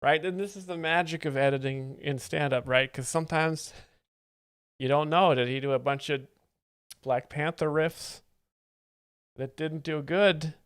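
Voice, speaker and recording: A man's voice: fairly high pitch, measured pace, pauses often, a bit bright, clear, resonant tone, no room sound, clean studio sound. A man hosting a live stream, giving wry, chatty commentary on clips. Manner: wry, chatty, amused asides. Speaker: host explaining jokes. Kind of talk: casual reaction commentary.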